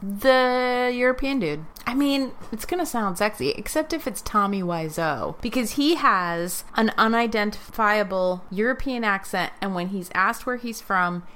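A woman's voice: medium pitch, animated, measured pace, hardly any pauses, fairly bright tone. A woman co-hosting a podcast, chatting casually in a blunt, crude, joking way. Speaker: podcast co-host. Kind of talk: casual banter.

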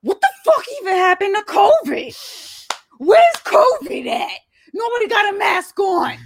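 A woman mimicking a bewildered, yelling man. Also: very high voice, big pitch swings, measured pace, slight background noise, voice pushed up, exaggerated voice. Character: confused, panicking man shouting in disbelief.

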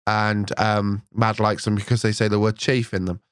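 A man co-hosting a podcast, chatting and telling a long story with excited energy. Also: fairly low pitch, moderate pace, smooth, no room sound, studio quality. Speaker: podcast co-host. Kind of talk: casual podcast chat.

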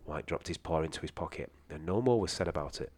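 A man reading a short story aloud in a steady, measured way. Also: extremely low pitch.

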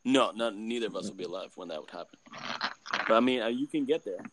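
A man's voice: on the low side, fast, background noise. A young man co-hosting a podcast in casual chat, rambling and laughing often as he talks. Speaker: podcast co-host.

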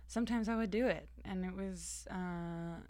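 A woman's voice: on the low side, normal speed, mellow, dry recording. A young adult woman from Massachusetts, a comedian chatting as a podcast guest and telling rambling, self-mocking stories with lots of fillers. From Massachusetts, USA. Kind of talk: casual chat.

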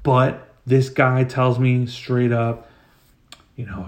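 A podcast host in a mid-range voice tells a story casually and comically, swearing freely and sounding exasperated, with sudden rising outbursts. His delivery is otherwise completely flat, and he takes his time.

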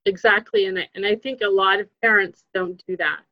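A woman's voice: mid-range voice, steady tone, a little fast. A woman, a guest educator, giving parenting advice in casual talk, earnest, with many fillers and restarts. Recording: dull lo-fi sound.

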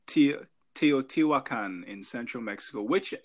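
A man's voice: mid-range voice, animated, moderate pace. A male podcast co-host chats casually, joking and wandering through his thoughts. He keeps breaking up his sentences with filler words and restarts. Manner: joking, rambling, many fillers. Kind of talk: casual chat.

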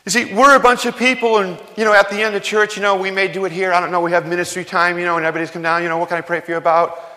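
A man's voice: high voice, level tone, rapid-fire, pushed and bright. A man preaching a sermon as pastor, emphatic and conversational, firing rhetorical questions at his congregation in a church. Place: church sanctuary. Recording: long hall reverb.

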